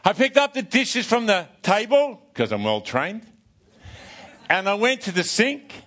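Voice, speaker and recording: Animated older man preaching. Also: high voice, unhurried. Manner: animated storytelling, restarts and repeats words. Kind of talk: sermon, personal story.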